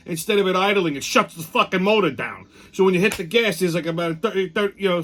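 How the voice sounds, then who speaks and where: A man's voice: sits high, a bit bright. A middle-aged man, hosting a casual monologue show, blunt, profane and ranting. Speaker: podcast host.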